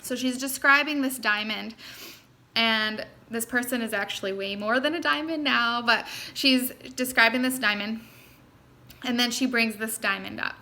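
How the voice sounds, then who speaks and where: Young woman, bright voice, fairly high pitch, earnest, encouraging, motivational team talk. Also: normal speed. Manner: earnest, encouraging, speaks directly to listeners. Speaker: network marketing team leader.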